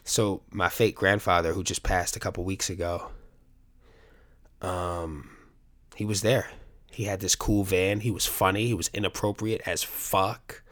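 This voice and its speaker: Profane, rambling middle-aged man, lowish voice. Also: steady tone, measured pace, a bit bright. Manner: candid, profane, rambling storyteller. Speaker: coach. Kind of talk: casual monologue to viewers.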